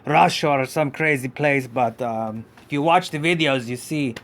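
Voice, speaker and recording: A man's voice: mid-range voice, a bit bright, slight background noise, close to an everyday voice. A man voicing a rambling dinosaur puppet with a put-on accent. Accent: vague put-on foreign accent. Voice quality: odd put-on foreign-sounding accent. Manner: rambling, halting, many restarts. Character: goofy dinosaur puppet pup, male, silly and rambling. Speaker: podcast host. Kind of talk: live podcast character act.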